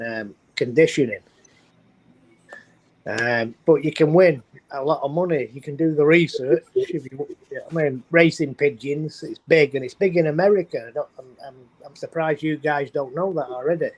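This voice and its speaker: A man's voice: on the high side, moderate pace, slightly rough, poor audio. An older man from England with an English accent, chatting casually and repeating himself. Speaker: guest on a co-stream. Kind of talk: casual chat.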